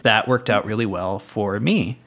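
A man's voice: on the low side, measured pace, fairly bright tone. A man, a TV animation writer, chatting as a guest in a modest, easygoing way. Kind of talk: casual chat.

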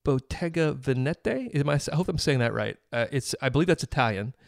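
A man's voice: medium pitch, lively intonation, fast, vocal fry, no echo, studio quality. A middle-aged man hosting a casual interview, playful and chatty, laughing often. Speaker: host.

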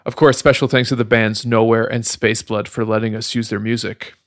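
Young guy wrapping up a podcast, dry close mic, brisk promo read. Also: on the low side, flat delivery, no room sound. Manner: reads sign-off promos briskly. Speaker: podcast co-host. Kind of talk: podcast outro and banter. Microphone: studio mic with headphones.

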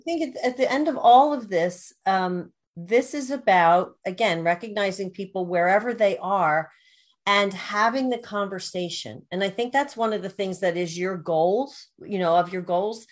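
A woman's voice: mid-range voice, normal speed. A woman co-hosting a conversational podcast, thoughtful and affirming. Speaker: podcast co-host. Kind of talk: casual conversation.

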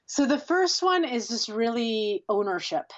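Woman in her 40s talking about her work on a podcast, animated and breathy, kinda dull lo-fi sound. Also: on the high side, unhurried. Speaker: guest sex educator. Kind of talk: podcast interview answers.

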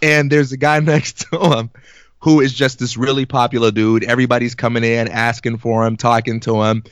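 A young man in his twenties telling an animated, laugh-filled story in casual podcast chat. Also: mid-range voice, fairly quick, clean tone, no room sound, studio quality.

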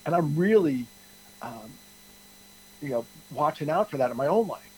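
A man's voice: on the high side, expressive, moderate pace, a little mellow, a little hiss or hum, rough recording. A man in his fifties answering interview questions candidly, rambling and restarting his sentences often. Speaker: guest, TED speaker.

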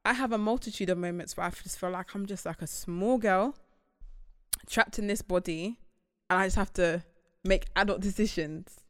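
A young woman, chatting casually and telling animated stories about married life. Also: medium pitch, normal speed, no echo, studio quality. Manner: animated storytelling. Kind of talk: casual chat.

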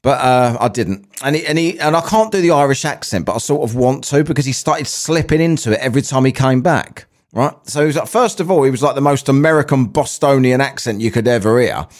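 A man's voice: medium pitch, brisk, few pauses. A man hosting his own podcast, talking casually and swearing as he wanders between asides. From England. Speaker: podcast host. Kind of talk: casual solo podcast chat.

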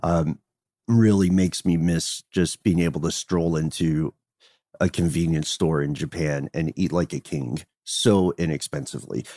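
A man's voice: rumbling low, a little slow, mellow, dry recording, studio quality. A man co-hosting a podcast in a playful, casual way, laughing often. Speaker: podcast co-host. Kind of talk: casual chat.

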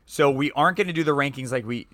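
A man's voice: medium pitch, fast talker, fairly bright tone. A man co-hosting a podcast in casual, rambling chat, joking and swearing. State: voice recovering after loss. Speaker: podcast co-host.

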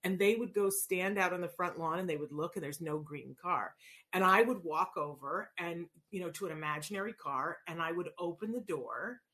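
Speaking at a normal speed in a fairly low voice, a middle-aged woman shares casual stories about play and children on the autism spectrum. She's an autism parent educator who animatedly acts out voices.

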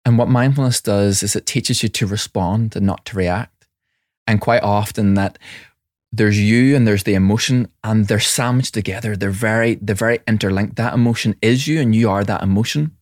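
A man's voice: lowish voice, normal speed, no room sound, studio quality. A man speaking as a mindfulness teacher and separated father, telling reflective personal stories with frequent restarts in a conversational interview. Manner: reflective, warm anecdotes with many restarts.

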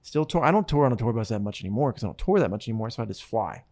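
Man, show host, casual rambling chat, joking, very animated pitch, studio mic. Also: very fast. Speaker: show host and touring musician. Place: radio studio. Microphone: studio microphone.

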